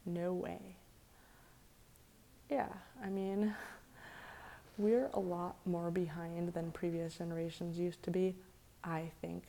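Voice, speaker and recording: A young woman hosting a late-night live stream, talking low and softly, half whispering at times so she won't wake anyone. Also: flat delivery, slow pace, gravelly, long pauses, slight background noise. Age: young adult. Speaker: livestream host. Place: echoey room at night.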